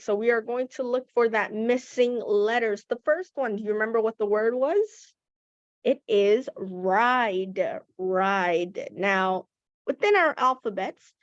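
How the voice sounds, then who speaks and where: A woman's voice: medium pitch, dry recording, highs cut off. A woman teaching young children English phonics, patiently sounding out letters and words. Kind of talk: phonics lesson to young learners.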